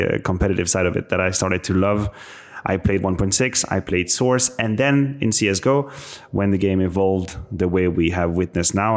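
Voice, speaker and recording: A man in his thirties, a podcast guest talking casually and joking about his gaming past. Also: sits low. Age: 30s. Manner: relaxed, joking, speaks in short restarting phrases. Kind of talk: casual interview chat.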